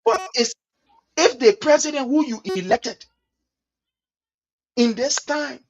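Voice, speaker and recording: A Liberian man giving impassioned political commentary in a preachy, repetitive way, acting out other people's words in quick asides. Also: extremely high pitch, muffled recording, crowd noise.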